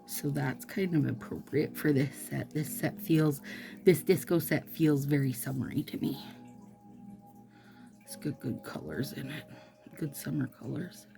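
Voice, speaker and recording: A woman chatting casually as she does her nails, gushing and trailing into soft murmurs, with faint music behind. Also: a bass voice, measured pace, vocal fry. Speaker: nail product vlogger. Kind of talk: casual chat while doing nails.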